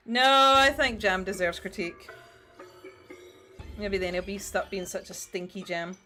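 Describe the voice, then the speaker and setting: A woman's voice: fairly low pitch, a little slow, bright, forceful tone, faint music behind. A young woman chatting casually with her viewers while she paints miniatures, swearing freely and talking straight to them. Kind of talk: casual livestream chat.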